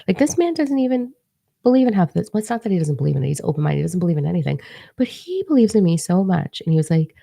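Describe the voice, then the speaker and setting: A young woman telling a story in a chatty, animated way, with casual swearing, as a spiritual teacher and author in a vlog. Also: fairly low pitch, very fast, vocal fry, dry recording, clean studio sound.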